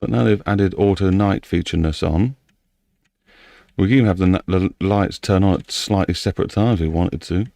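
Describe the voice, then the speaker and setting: A man with a deep, gravelly voice, slightly out of breath. He talks to himself casually while working through a game map, muttering and wondering aloud. His tone is dark and mellow. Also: normal speed, no room sound.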